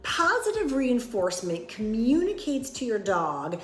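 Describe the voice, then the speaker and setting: A woman's voice: on the high side, very animated, unhurried, reverberant, soft background music. A woman dog trainer giving earnest, plain-spoken advice and acting out sample replies. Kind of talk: instructional talk to camera.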